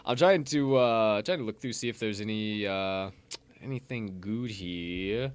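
A man co-hosting a casual sports podcast chat, profane and quick to get loud and worked up. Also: fairly low pitch, smooth, dry recording. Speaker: podcast co-host.

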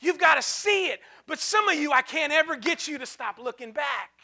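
A man preaches in a church with a very high, keen and piercing voice. He swings from soft, hushed lines to sudden shouted peaks, repeating phrases for the congregation. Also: expressive, brisk. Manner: repetitive call-and-response phrasing. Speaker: pastor. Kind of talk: sermon.

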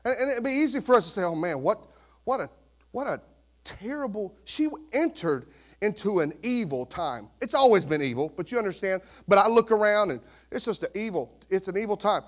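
A man in his fifties preaching a sermon as pastor, animated and conversational, full of rhetorical questions. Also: sits high, brisk.

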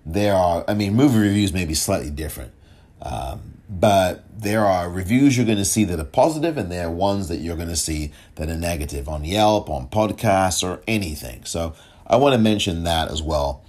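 Low-sitting and expressive, his darkish voice keeps a moderate pace through solo podcast commentary. The host presses his points with rhetorical questions and trips over a word every so often.

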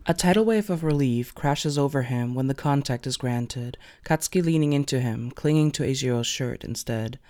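A man narrating fan fiction aloud in an expressive storytelling way. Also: mid-range voice, normal speed, hardly any pauses.

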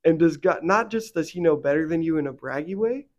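The recording sounds lo-fi, carrying a slightly high, brisk male voice. He's a young faith podcast co-host who rambles casually with many fillers and turns heated when he vents.

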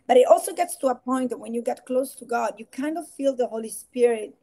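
A woman, a podcast guest telling stories in casual, animated talk, acting out what people said. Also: fairly high pitch, fairly quick. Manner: animated storyteller acting out quotes. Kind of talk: casual faith-based interview talk.

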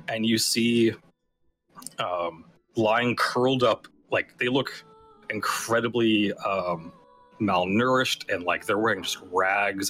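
Man, game master, tabletop game narration, casual, full of fillers, low-pitched, bright, soft music underneath. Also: low-quality recording. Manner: casual, many fillers and restarts.

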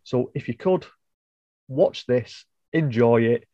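A man's voice: medium pitch, slow pace, no echo, dull audio. A man co-hosting a casual podcast over a video call, rambling and correcting himself as he goes. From United Kingdom. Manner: rambling, self-correcting, apologetic. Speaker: podcast co-host.

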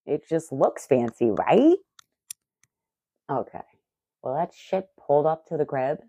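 Low-voiced woman in her thirties, swearing. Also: unhurried, breathy edge, no room sound. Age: 30s. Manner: profane, animated and self-mocking. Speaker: vlogger. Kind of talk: casual storytelling to camera. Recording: muffled lo-fi audio.

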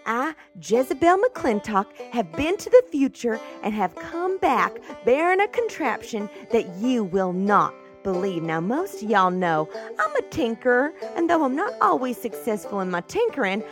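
A showy frontier inventor woman, as a woman puts her on, bellowing to gather a crowd. Her voice is pitched high and loud. She proclaims each line in a grand, boastful way. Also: very animated, moderate pace, hardly any pauses, music in the background. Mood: proclaiming.

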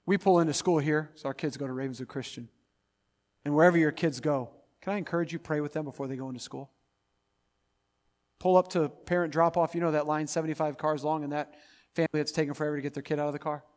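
Man, pastor, sermon, slightly high voice, loud emphatic build-ups, quiet asides. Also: fairly even intonation, quick pace. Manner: preaching, building to loud emphatic peaks then dropping quiet.

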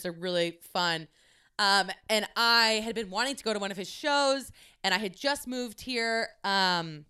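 Bright, chatty young woman podcaster. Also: on the high side, clean tone. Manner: chatty, swears freely, animated quoting. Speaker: podcast host. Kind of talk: casual storytelling monologue.

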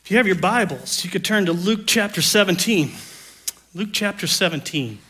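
A man preaching a sermon as the pastor, conversational and joking, slowing down to read scripture aloud. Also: high voice, expressive, bright, forceful tone, husky.

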